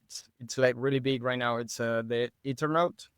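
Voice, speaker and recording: A man from Argentina with an Argentinian Spanish accent, a native Spanish speaker co-hosting a podcast, talking casually in halting English while searching for words. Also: medium pitch, fairly even intonation, clean tone, no echo, clean studio sound. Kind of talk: casual chat.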